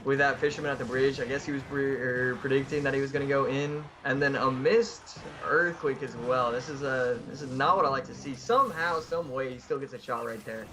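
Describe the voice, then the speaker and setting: A man's voice: medium pitch, a little fast, few pauses, a bit bright, slight background noise. A man co-casting a live esports match, analysing plays loosely with many fillers and restarts. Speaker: esports co-caster.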